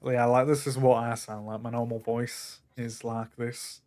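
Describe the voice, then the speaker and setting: A young man with a Northern English accent talks in an easygoing, blunt way, swearing without fuss. His voice sits at an ordinary middle pitch, and he speaks as a relaxed guest in conversation. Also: a little slow. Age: young adult. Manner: laid-back, blunt, swears casually. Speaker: guest in chat. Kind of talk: casual chat.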